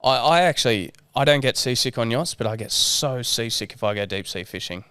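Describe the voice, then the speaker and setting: An Australian man in his thirties, a guest on a casual podcast, telling stories in a relaxed way, swearing freely and acting out what others said. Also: medium pitch, brisk, clear, resonant tone, no room sound. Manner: relaxed storyteller, swears freely, acts out quotes. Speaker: guest sailor.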